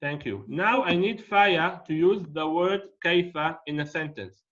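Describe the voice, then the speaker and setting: A man teaching a class, patiently explaining in slow, deliberate steps. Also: sits high, fairly bright tone. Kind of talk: classroom language lesson. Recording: dull lo-fi audio.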